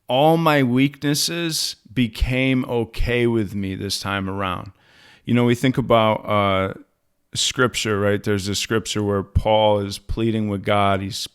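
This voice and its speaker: A man's voice: lowish voice, clean tone. A young adult man speaking candidly on a podcast, telling stories bluntly and with profanity. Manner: blunt, profane, storytelling with quoted dialogue. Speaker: podcast host. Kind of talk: candid podcast talk on recovery. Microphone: studio podcast mic.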